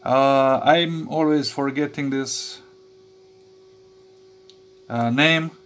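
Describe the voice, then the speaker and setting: Slow, halting hobbyist man at a workbench. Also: medium pitch, a bit bright. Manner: halting, many fillers and restarts, chuckles to himself. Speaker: electronics hobby vlogger. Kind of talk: casual workbench commentary.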